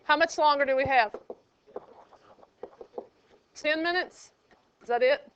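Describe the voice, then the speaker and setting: A woman's voice: high voice, takes it slowly, slight background noise. A woman math teacher, teaching a classroom and joking with her students. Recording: dull lo-fi classroom recording.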